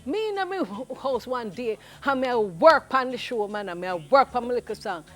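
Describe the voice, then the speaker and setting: Animated high-voiced Jamaican woman. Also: moderate pace. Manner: animated, dialect-rich storytelling. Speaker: guest performer. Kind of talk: animated anecdote on a TV morning show.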